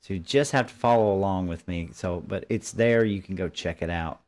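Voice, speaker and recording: A man's voice: low-pitched, brisk, darkish tone. A man hosting a live commentary show, reading news articles aloud and breaking off to scoff at them with combative asides. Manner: combative, dismissive, stops to editorialize. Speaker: host.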